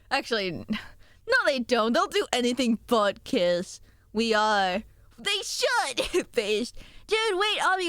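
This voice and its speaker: Giggly animated young woman streamer. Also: no room sound. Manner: giggly and animated, quick jumps in pitch. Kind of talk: casual chat reading viewer messages.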